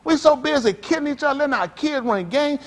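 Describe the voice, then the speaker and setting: Animated, high-voiced preaching man. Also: fast. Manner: animated preaching with storytelling, loud outbursts and laughs. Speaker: pastor. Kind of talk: sermon.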